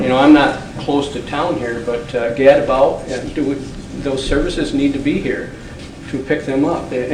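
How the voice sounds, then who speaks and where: A man running for town board, answering off the cuff with many repeats and stumbles. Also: mid-range voice. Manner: halting, repeats words often. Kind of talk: unscripted forum answer. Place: public meeting hall. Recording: roomy hall, far from mic, noisy.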